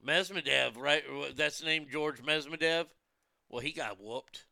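A man's voice: fairly high pitch, a little slow, vocal fry, sharp tone, no echo. A man rambling casually about food, movies and wrestling, blunt and profane, with many restarts. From United States.

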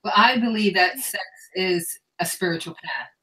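A woman's voice: mid-range voice, normal speed, sharp tone, low-quality recording. A middle-aged woman speaking frankly and earnestly as a guest on a candid panel discussion. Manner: frank, sexually explicit, earnest.

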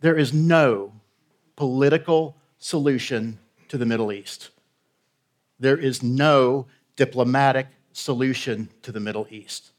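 A man preaches a sermon as a guest pastor at a middle pitch. He talks to the congregation in a direct, conversational way and keeps checking that they are with him. His tone is emphatic and urging. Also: unhurried.

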